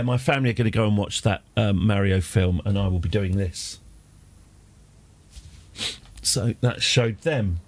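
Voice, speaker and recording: A man chatting casually as a game streamer, rambling through tangents with dry jokes. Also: fairly low pitch. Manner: rambling, tangent-prone, dryly joking. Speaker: livestream gamer host.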